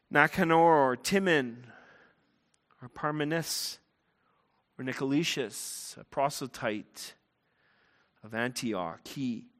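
A man preaching a sermon as a pastor, earnest and emphatic, turning quiet and low in prayer. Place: church sanctuary. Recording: long hall reverb.

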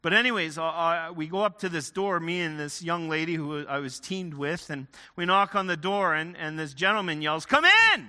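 A man from Ontario preaches with a high, very bright tone. He speaks in a loose, storytelling way, restarting phrases as he goes. His voice carries a long reverb, as if it were picked up in a large hall. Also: fairly even intonation, normal speed, hardly any pauses. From Ontario, Canada. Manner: conversational, with frequent restarts. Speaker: pastor. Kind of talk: sermon with personal storytelling.

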